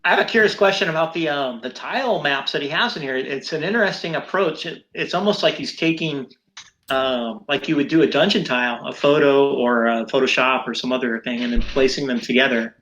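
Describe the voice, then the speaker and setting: A man's voice: medium pitch, a little fast, fairly bright tone. A man playing a tabletop game, talking enthusiastically and laughing easily. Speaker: player. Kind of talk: casual tabletop game chat. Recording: roomy recording with music.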